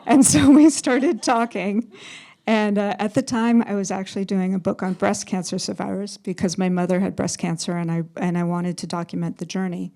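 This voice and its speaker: A woman's voice: medium pitch, fairly even intonation, moderate pace, dark tone. A woman photographer telling stories as a panel guest, chatty, laughing often and acting out quotes. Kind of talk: storytelling on a panel.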